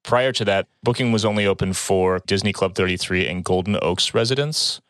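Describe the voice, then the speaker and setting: A man's voice: sits low, a little fast, fairly bright tone, clear, resonant tone, dry recording, clean studio sound. A man hosting a podcast, guiding the conversation with joking, casual remarks. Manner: joking, conversational, leads the topic. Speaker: podcast host.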